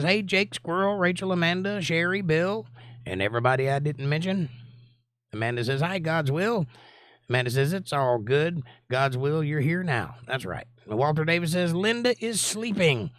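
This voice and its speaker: A man's voice: medium pitch, lively intonation, moderate pace, no room sound, clean studio sound. A man hosting a live online Bible study, casually reading viewer comments aloud, greeting people by name and answering them. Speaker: Bible study teacher and livestream host.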